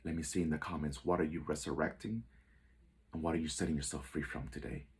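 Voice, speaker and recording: A man with a low, deep voice delivers a spiritual message as a teacher. His tone is heavily breathy and airy. He speaks in slow, measured phrases and repeats affirmations. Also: fairly even intonation, darkish tone. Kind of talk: inspirational spoken message.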